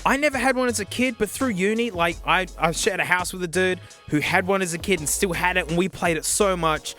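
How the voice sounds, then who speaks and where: Host: young Australian guy, high-pitched, excitable and jokey, faint music under him. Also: fairly quick, few pauses. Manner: excitable, jokey, laughs often. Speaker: YouTube host. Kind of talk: casual nostalgic commentary.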